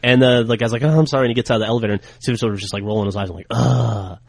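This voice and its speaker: Fast-talking man telling a story. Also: lowish voice, no echo. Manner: animated storyteller, quick and chatty. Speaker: podcast host. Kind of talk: casual chat, storytelling.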